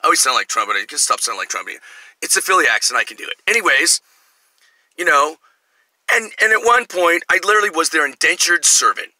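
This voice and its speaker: A man's voice: fairly high pitch, fast, no room sound, low-quality recording. A middle-aged man telling rambling personal stories as a vlogger, jumping between tangents and acting out quotes. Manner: animated, jumps between tangents, acts out quotes. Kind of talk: rambling personal storytelling monologue.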